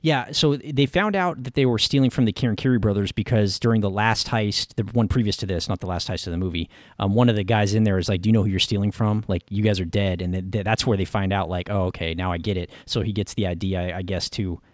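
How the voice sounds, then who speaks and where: A man's voice: on the low side, quick pace, few pauses, no room sound, studio quality. A man co-hosting a casual podcast, wry and laid-back as he picks apart a movie's plot. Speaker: podcast co-host. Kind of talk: casual movie-riff chat.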